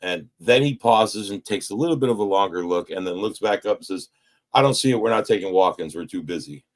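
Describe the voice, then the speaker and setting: Here a deep-voiced man speaks briskly at a recovery meeting, recounting his own story with plenty of profanity. He animates it by voicing the lines other people said to him.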